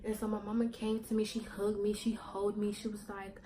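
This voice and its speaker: A woman vlogger telling a personal story in a candid, slangy way, halting with fillers and repeats. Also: mid-range voice, flat delivery, mellow, low-quality recording. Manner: candid, slangy, sometimes swearing for emphasis; halting, with many fillers and repetitions.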